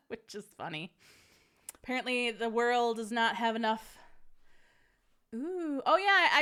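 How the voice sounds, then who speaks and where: A woman's voice: fairly high pitch, a bit bright, clear, resonant tone. A woman hosting a casual live-streamed podcast, chatting with viewers and reading a story aloud, laughing often.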